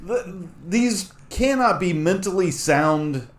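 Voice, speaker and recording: Slow-talking man with blunt reactions. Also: high voice, lively intonation, echoey room. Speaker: podcast co-host. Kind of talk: casual comedic chat.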